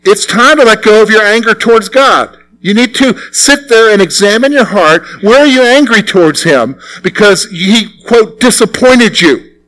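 An older man, a pastor delivering a sermon, earnest and repeating phrases for emphasis, moving between hushed and forceful delivery. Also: sits high, lively intonation, moderate pace, hardly any pauses.

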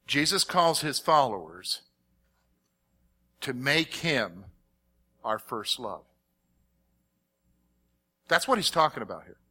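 A middle-aged man preaching a sermon, reading scripture and questioning his congregation in an animated, conversational way. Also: medium pitch, slow pace, pauses often, slightly rough. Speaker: pastor.

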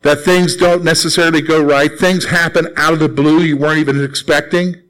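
A man's voice: a little high, fairly even intonation, a little fast, a bit bright, rough recording. A middle-aged man preaching a sermon as pastor, talking to his congregation in a conversational way and repeating his points. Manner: conversational preaching with repeated phrases and acted quotes.

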